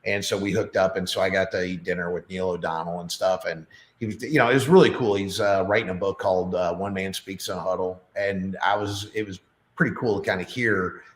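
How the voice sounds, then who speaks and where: Podcast guest: middle-aged man, low voice, chatty and rambling, room echo. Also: fairly even intonation, brisk. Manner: rambling, chatty, many fillers. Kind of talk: casual chat. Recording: roomy echo.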